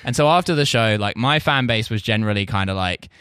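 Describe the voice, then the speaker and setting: A man's voice: on the low side, expressive, fast talker, a bit bright, clear, resonant tone, no echo. An English man, a comedian guest, telling stories in casual podcast chat, rambling and swearing freely while acting out quotes.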